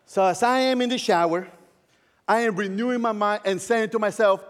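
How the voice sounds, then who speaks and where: A male pastor preaching a sermon, telling a personal story in a heartfelt way with soft laughs. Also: sits high, moderate pace, in a large hall, some chatter behind.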